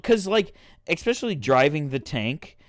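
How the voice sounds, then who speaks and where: A man's voice: on the high side, sing-song, normal speed, dry recording, clean studio sound. A young man co-hosting a podcast, telling a rambling, swear-filled gaming story in casual chat with friends. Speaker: podcast co-host.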